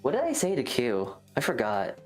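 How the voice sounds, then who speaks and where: A woman's voice: very deep voice, wildly swooping pitch, moderate pace, darkish tone, soft background music. A woman streamer chatting casually and rambling, joking at her own expense while reacting to chat. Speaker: livestreamer. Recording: roomy echo.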